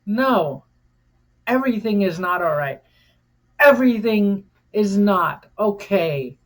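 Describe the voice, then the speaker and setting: A woman's voice: mid-range voice, lively intonation, slow. An American woman vlogger giving an impassioned, defiant rant, cursing freely and repeating phrases for emphasis. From United States.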